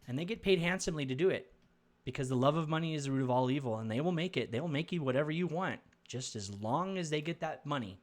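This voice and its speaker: A man's voice: a little high, expressive, fast talker. Preachy man ranting at viewers. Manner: preachy, repeats words, addresses viewers. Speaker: commentator. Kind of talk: ranting video commentary.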